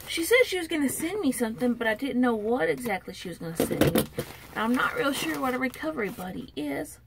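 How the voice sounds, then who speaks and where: A woman with a somewhat high, gravelly voice chats casually to her camera. She is still recovering from illness. She sounds emotional and close to tears, and her thanks are soft. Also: animated, fast talker, very noisy. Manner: emotional, tearful, softly thankful. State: unwell, recovering. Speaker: vlogger opening viewer packages.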